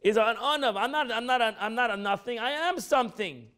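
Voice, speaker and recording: A male rabbi leads a relaxed class, his voice sitting unusually high and swinging widely in pitch. He talks with a sound, repeats phrases and acts out quotes with lots of energy. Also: brisk, smooth. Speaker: rabbi teaching a weekly class. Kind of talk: informal Torah class lecture.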